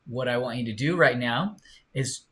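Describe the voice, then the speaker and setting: A man with a medium-pitched, slightly bright voice teaches a live online singing lesson, encouraging his students in a slow, drawn-out way and demonstrating by singing.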